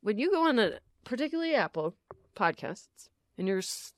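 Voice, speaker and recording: A woman co-hosting a podcast in casual chat, animated, laughing often and swearing freely into a studio microphone. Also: a little high, moderate pace, no room sound. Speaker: podcast co-host.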